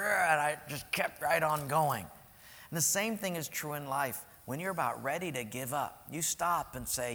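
Male pastor, high bright voice with gravel, animated sermon storytelling. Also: unhurried, long reverb tail. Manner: animated storytelling, swings loud and soft.

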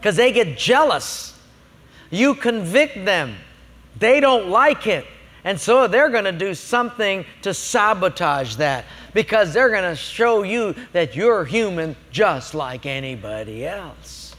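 A man's voice: sits high, big pitch swings, takes it slowly, a bit bright, big-room sound. A man preaching a sermon as a pastor, emphatic and humorous, telling stories to make his points.

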